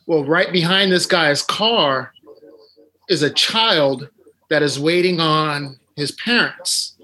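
A man appearing as a guest on a video call, telling a story with many pauses and ums. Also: a little high, bright, forceful tone. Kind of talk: storytelling on a podcast.

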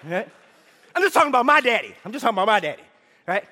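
A middle-aged man preaching a sermon in a church, animated, shouting for emphasis and prompting the congregation to call back. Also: high-pitched, fast, long pauses. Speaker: pastor. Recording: echoey hall reverb.

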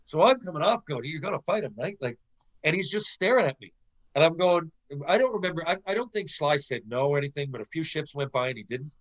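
A fast, high-sided male voice comes through muffled. The speaker, a middle-aged former pro hockey player from Canada, tells a profane, casual anecdote and enthusiastically acts out what everyone said.

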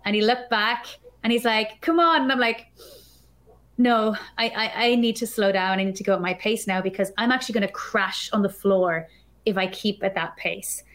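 A woman guest on a podcast, telling a story in an animated, chatty way, full of filler words. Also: medium pitch, moderate pace. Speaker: podcast guest, developer advocate. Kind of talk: casual storytelling chat.

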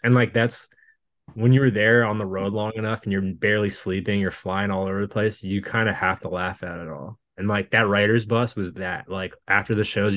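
A man's voice: lowish voice, fairly bright tone. A man guesting on a podcast, telling rambling anecdotes casually and laughing things off. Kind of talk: casual storytelling chat.

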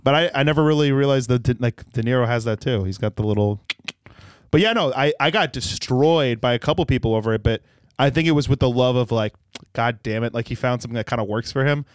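Man, comedian guest on a podcast. Animated storyteller, middle pitch, dry close mic. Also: clear, resonant tone, no room sound. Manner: animated storytelling, quick joking, slips into impressions. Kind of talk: casual podcast chat.

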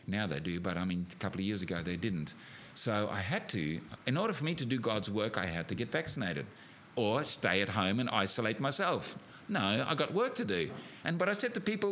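A middle-aged man preaching a sermon, animated, building to emphatic peaks with frequent restarts. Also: mid-range voice, moderate pace, slight background noise.

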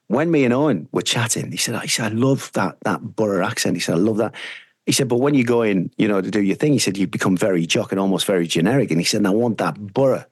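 A middle-aged Teesside man rambles through career stories, restarting sentences with plenty of fillers. His voice sits low, and the recording is dry and close. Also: no echo. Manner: rambling, anecdotal, frequent fillers. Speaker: radio presenter, guest. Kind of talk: casual interview storytelling.

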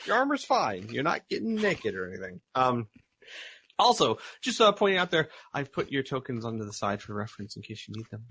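A man's voice: medium pitch, very animated, a little fast, a bit bright, husky. A man running a tabletop game as game master, narrating with many ums and restarts.

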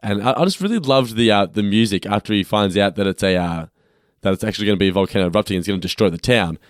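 A man co-hosting a podcast, recapping scenes in steady, low-key casual chat. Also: rapid-fire, no room sound, clean studio sound. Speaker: podcast co-host.

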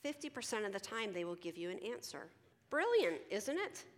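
Counselor speaking in a big hall. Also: female voice, medium pitch, moderate pace. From Philadelphia. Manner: animated, conversational, acts out teens and herself in quoted dialogue. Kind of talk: conference talk to an audience. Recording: long hall reverb.

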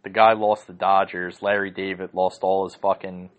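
A man's voice: low-pitched, level tone, moderate pace. A man hosting a podcast from home, ranting casually and heatedly, swearing often and rambling through lots of fillers. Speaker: podcast host. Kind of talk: casual rant.

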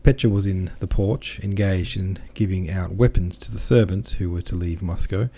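A man's voice: sits low, fairly even intonation, moderate pace, dark tone, breathy edge. A man narrating a classic novel aloud, reading the dialogue with mild shifts in tone for each character. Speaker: audiobook narrator.

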